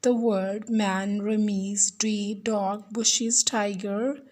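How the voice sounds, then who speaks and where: A woman English teacher giving a recorded lesson, speaking slowly and deliberately and repeating each word for her pupils. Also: medium pitch, little pitch movement, a little mellow.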